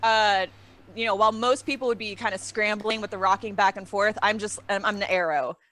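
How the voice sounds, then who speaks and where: A woman's voice: medium pitch, fairly even intonation, brisk, fairly bright tone. A woman playing a tabletop game, describing her character's actions in a playful, eager way and laughing often. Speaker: player. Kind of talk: casual tabletop play.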